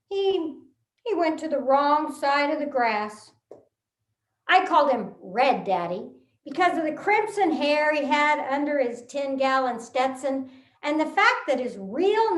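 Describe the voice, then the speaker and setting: Lively, slow-paced woman telling funny stories. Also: high voice, roomy sound. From Texas. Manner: animated, punchline-driven delivery with deliberate pauses. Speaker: contest speaker. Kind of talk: humorous storytelling speech.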